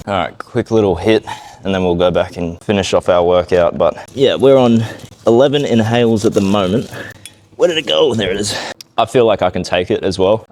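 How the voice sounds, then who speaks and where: A fitness vlogger chats casually from the gym, hyped and self-amused as he talks through his workout. His voice is low and a little mellow. The audio quality is poor.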